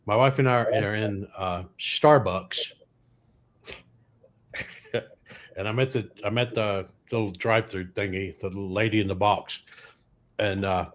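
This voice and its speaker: A man's voice: on the low side, steady tone, unhurried, long pauses. A man, a guest comedian telling rambling anecdotes with dry punchlines. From Louisiana, US. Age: 60s. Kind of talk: comic storytelling on a podcast.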